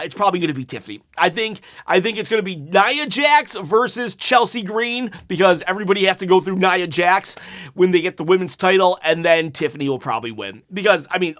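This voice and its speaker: High-voiced chatty man doing wrestling talk. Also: fairly bright tone. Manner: chatty, opinionated, restarts and laughs. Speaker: wrestling talk show host. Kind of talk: casual commentary reading viewer comments.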